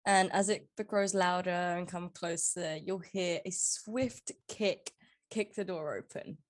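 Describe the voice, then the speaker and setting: A woman's voice: lowish voice, steady tone, a little slow. Playful woman player in a tabletop game. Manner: playful, laughs often. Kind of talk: tabletop role-playing.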